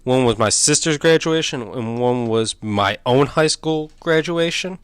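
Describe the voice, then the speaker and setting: A man's voice: mid-range voice, unhurried, clean tone, no room sound, studio quality. A young man from Chicago hosting his own podcast, talking in a rambling, self-deprecating, loose and chatty way. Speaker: podcast host. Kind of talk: casual solo podcast chat.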